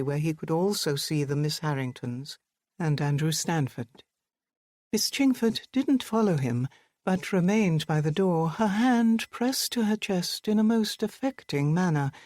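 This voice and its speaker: Brief: even, measured storybook narration, mid-pitched, dry and close. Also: no room sound. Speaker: audiobook narrator. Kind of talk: scripted narration.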